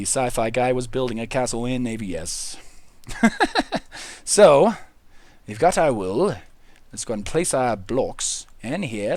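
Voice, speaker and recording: A man livestreaming a video game, hyper and goofy, jumping from loud squealing outbursts to mumbled asides. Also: medium pitch, no echo, clean studio sound. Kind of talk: excitable gaming livestream chatter.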